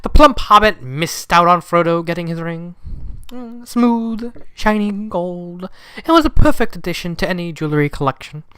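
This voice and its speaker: A man's voice: a little high, expressive, fairly quick, bright, forceful tone, clear, resonant tone, dry recording. A young man who just woke up, reading a fanfiction aloud with casual commentary and frequently breaking into giggles. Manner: giggly, easily breaks into laughter. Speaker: fanfiction reader.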